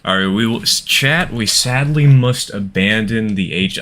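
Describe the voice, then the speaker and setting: A man's voice: lowish voice, measured pace, few pauses, a bit bright. A man streaming a game live, chatting casually with his viewers and laughing often. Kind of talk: casual live-stream chat while playing.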